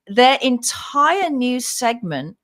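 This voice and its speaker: A woman from Australia co-hosting a radio show, talking through the news in an animated, opinionated way and laughing often. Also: fairly high pitch, slow pace. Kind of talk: casual news commentary chat.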